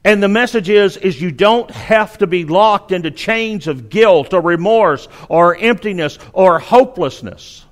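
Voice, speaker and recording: A male preacher delivers a sermon with a notably high-pitched voice. He speaks earnestly, driving his points home through emphatic repetition. The sound carries a long reverb, as if recorded in a large church hall. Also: measured pace, hardly any pauses.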